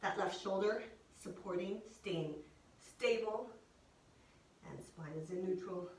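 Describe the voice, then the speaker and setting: A woman's voice: mid-range voice, slow, darkish tone, distant mic, slight background noise. Woman fitness instructor in echoey room. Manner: encouraging cues, counting down, exertion whoops. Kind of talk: guided workout instruction.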